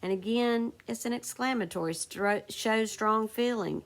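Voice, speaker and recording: A woman with a fairly high voice speaks at a measured pace. She's a teacher running a recorded phonics lesson for second graders, patiently posing questions to the class and answering them herself.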